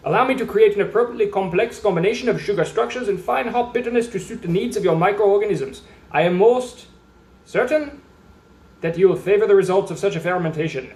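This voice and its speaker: A man's voice: high voice, expressive, fairly quick, a little mellow, voice pushed up. A man voicing a portly male adventurer with a stilted, formal, vaguely German-sounding accent, in a roomy, echoey space. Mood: grandly formal. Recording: roomy echo.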